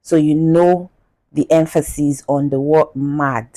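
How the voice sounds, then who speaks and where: Nigerian accent, woman, podcast host, indignant, emphatic, deep voice. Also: fairly even intonation, mellow. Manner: indignant, emphatic, drawn-out repetition. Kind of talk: casual podcast monologue, reading a post aloud.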